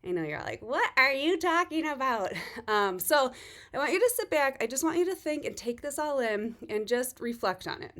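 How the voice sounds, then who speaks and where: A woman's voice: fairly high pitch, fairly quick. A middle-aged woman, a fitness coach, talking earnestly and reassuringly in a casual motivational chat, a little out of breath after a workout. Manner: earnest, reassuring, animated with quoted voices. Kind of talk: casual motivational talk to camera.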